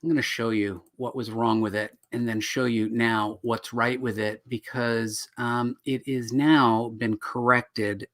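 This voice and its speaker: A man co-hosting a relaxed live show about writing comics. His voice sits in a middle pitch. He talks loosely and jokily, full of ums and restarts. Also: measured pace, few pauses. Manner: jokey, rambling, lots of fillers. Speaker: co-host. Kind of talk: casual live-stream chat.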